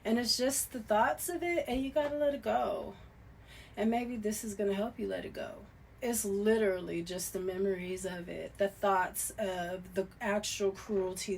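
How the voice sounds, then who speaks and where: A woman with a gravelly, fry-tinged voice reads tarot in a loose, conversational way. She swings between soft, half-whispered murmurs and loud, emphatic bursts, and swears casually. A faint hiss sits under her voice. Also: mid-range voice. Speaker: tarot reader.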